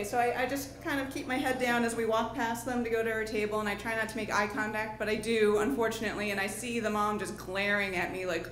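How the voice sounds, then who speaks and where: On a pub stage, a woman in her thirties from New Jersey tells a personal story off the cuff, chatty and full of fillers and restarts, laughing along as she goes. Her slightly high, fairly bright voice moves briskly with hardly any pauses, and the echoey room carries faint background noise.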